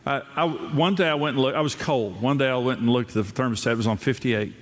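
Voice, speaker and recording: A man's voice: mid-range voice, fast talker, long reverb tail. An older man as pastor, giving a sermon on marriage with humorous storytelling, his voice jumping up when he mimics others. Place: large room with a live audience.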